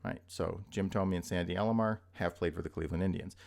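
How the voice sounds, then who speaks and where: A man with a low, gravelly voice teaches an introductory logic lesson. He explains step by step, repeating examples and often pausing to ask "right?" His delivery is that of a recorded lecture. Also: steady tone, a little mellow. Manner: explanatory, repeats points with frequent "right?" checks. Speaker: logic instructor.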